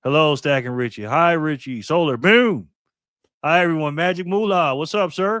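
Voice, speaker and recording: A man's voice: fairly high pitch, lively intonation, moderate pace, a bit bright, dry recording, clean studio sound. A man hosting a casual livestream, greeting viewers by name and calling them "man" and "bro". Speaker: livestream host. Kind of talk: casual livestream chat reading viewer comments.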